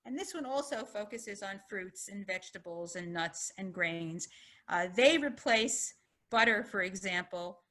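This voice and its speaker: A woman's voice: mid-range voice, animated, measured pace, bright, forceful tone. A woman physician giving a public health lecture, explaining in a conversational way and telling short anecdotes.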